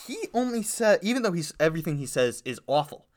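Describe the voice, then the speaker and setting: A young man co-hosting a podcast in casual, joking chat, sarcastic and quick to laugh, trailing off into fillers. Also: fairly high pitch, sing-song. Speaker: podcast co-host.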